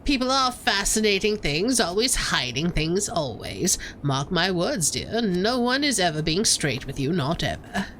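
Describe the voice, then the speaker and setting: A woman voicing a sly older woman passenger who speaks in a low, knowing, half-whispered way. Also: very animated, measured pace, few pauses, a bit bright, a little hiss or hum. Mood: insinuating.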